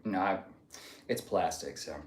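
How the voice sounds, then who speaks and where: A man's voice: low voice, measured pace, reverberant, slight background noise. A man hosting a casual livestream and reading out viewer comments, easygoing and often trailing off into a murmur. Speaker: livestream host. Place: home room on a stretching livestream.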